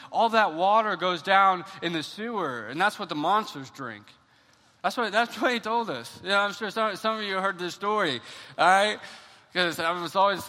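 A young adult man, a pastor, preaching an animated sermon with a personal story in a church, often repeating words as he talks. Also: sits high. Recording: long church hall reverb.

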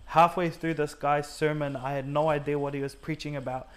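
A brisk man's voice, on the high side and with little pitch movement, belongs to a New Zealand guest sharing a faith testimony. He speaks earnestly in conversation about his personal story, acting out his and others' quoted words amid many fillers.

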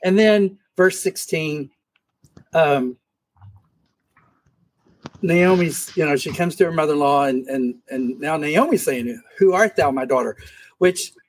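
A man leads a casual Bible study, his voice a touch high with a husky edge. He talks in an animated way, slipping into little voices as he retells the scenes. He speaks into a camera mic. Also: slow pace, pauses often.

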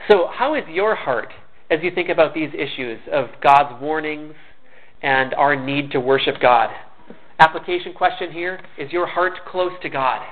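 A man's voice: on the high side, normal speed. A man preaching a sermon in an earnest, conversational way, often restarting his words. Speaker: pastor. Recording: tinny phone-like sound.

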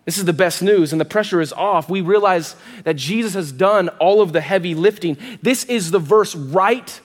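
A high-voiced man in his thirties preaching to his congregation, moving through an animated personal story with quick asides. His voice rings out with a long reverberant tail, as from a big church hall. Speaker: pastor.

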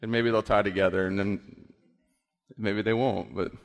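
A man preaching a conversational sermon as pastor, with frequent halting restarts, moving into prayer. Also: on the low side, steady tone, creaky, long reverb tail.

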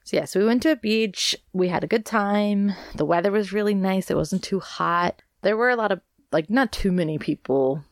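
A woman's voice: mid-range voice, moderate pace, hardly any pauses, no echo, clean studio sound. A woman hosting a podcast in a casual, chatty, rambling way, sounding congested from allergies. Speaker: podcast host. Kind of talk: casual solo podcast chat.

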